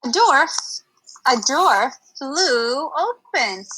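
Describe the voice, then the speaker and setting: A woman's voice: high voice, big pitch swings, drawn-out words, bright, forceful tone, poor audio. A young adult woman reading a picture book aloud to children on a livestream, stopping to explain words in a chatty way.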